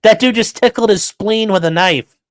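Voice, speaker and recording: The high-pitched host of a podcast reacts to news clips at a moderate pace, with no echo in the recording. Sarcastic and profane, he delivers lively mockery.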